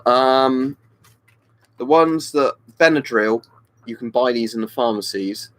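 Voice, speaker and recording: A man's voice: medium pitch, slow pace, fairly bright tone, low-quality recording. A young man from the UK, chatting casually on a live webcam stream and answering viewers by name. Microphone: webcam mic.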